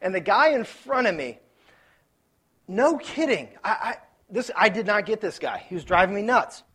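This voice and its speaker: A man from Ohio preaching a sermon, telling stories in a lively, joking, conversational way. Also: sits high, normal speed, breathy edge. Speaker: pastor.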